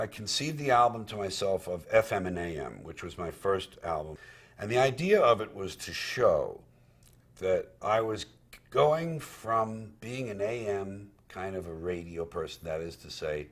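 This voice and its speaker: Low-voiced man telling career stories. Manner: candid and profane, acts out quoted dialogue. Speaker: stand-up comedian. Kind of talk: reflective career storytelling.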